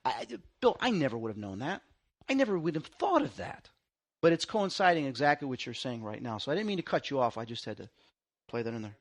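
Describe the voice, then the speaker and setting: A man hosting a casual conversation, an excitable storyteller who acts out the lines he quotes. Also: mid-range voice, quick pace. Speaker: host.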